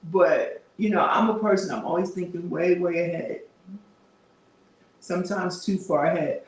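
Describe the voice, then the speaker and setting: A woman's voice: on the low side, normal speed. A middle-aged woman hosts a casual livestream, chatting, laughing often and reading viewer comments aloud. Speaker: livestream host. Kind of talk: casual live-stream chat. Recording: very echoey room, voice far from mic.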